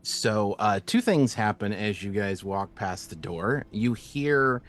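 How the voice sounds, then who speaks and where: A man's voice: lowish voice, lively intonation, takes it slowly, hardly any pauses. A man narrating as game master of a tabletop game, casual and rambling with frequent fillers.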